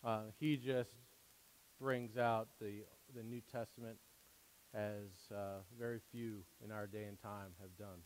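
A man preaching a sermon as pastor, earnest, with emphatic rises and quieter asides. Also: on the low side, fairly even intonation, unhurried. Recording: long hall reverb.

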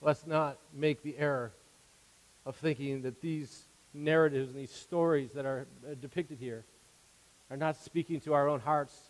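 A man preaching a sermon as a pastor, earnest, repeating words as his volume swings from soft to loud. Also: fairly high pitch, fairly even intonation, normal speed, in a large hall, poor audio.

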